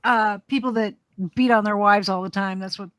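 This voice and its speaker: A woman's voice: medium pitch, fairly even intonation, normal speed, a bit bright, no echo. A woman co-hosting a live stream chat, teasing and laughing often. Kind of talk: casual chat.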